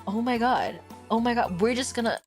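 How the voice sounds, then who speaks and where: A woman's voice: a little high, moderate pace, darkish tone. A young woman streaming a game, reacting dramatically, exclaiming and swearing to her chat. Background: faint game music.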